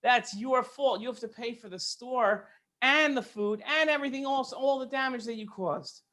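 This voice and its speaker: A man's voice: extremely high pitch, normal speed, pushed and bright, voice pushed up. A man voicing wise male rabbis giving a firm ruling in a dispute. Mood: stern.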